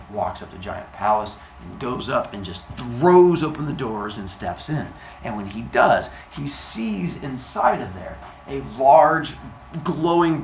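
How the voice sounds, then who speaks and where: Lively, jokey male storyteller. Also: medium pitch, roomy sound, a little hiss or hum, poor audio. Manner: animated and jokey. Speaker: storyteller and podcast host. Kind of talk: casual myth storytelling.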